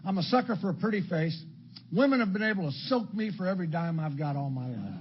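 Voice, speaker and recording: A man's voice: sits high, expressive, quick pace. Older man telling a blunt recovery story. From Illinois, US. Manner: blunt storytelling with dark humor and crude slang. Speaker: AA speaker. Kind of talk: recovery meeting share. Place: meeting hall before an audience. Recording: dull lo-fi talk recording with faint background noise.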